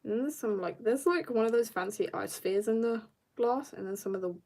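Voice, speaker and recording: Her voice sits a little high and has a darkish tone, and she talks a little fast. She's a South African woman livestreaming her drawing from upstairs at home, casually reading and responding to viewer comments.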